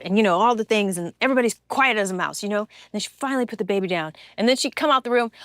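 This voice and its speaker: A woman in her forties chatting casually on a podcast as a guest, telling animated stories and slipping into shrill playful mimicry. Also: very fast, few pauses, no echo, clean studio sound. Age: 40s. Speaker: guest, host's wife.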